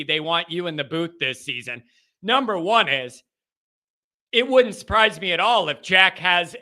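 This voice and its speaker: A man hosting a live call-in sports show, chatting in an animated, rambling way and often chuckling. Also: high-pitched. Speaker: show host.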